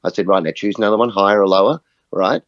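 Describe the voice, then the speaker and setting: Low-voiced earnest man. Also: steady tone, quick pace, no room sound. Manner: earnest, storytelling, frequent "right?" checks. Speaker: guest, music facilitator. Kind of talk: conversational podcast interview. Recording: muffled, dull audio.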